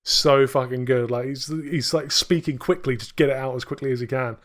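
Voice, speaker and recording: A man's voice: mid-range voice, steady tone, brisk, fairly bright tone. A man co-hosting a podcast, chatting casually with enthusiasm, swearing and laughing often. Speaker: podcast co-host.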